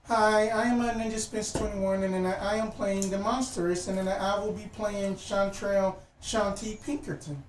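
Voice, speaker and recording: A woman's voice: medium pitch, steady tone, moderate pace, few pauses, a little hiss or hum. A woman playing in a tabletop game stream, easygoing with a dry humor. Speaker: player. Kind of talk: casual tabletop stream chat. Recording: echoey room, mic far off.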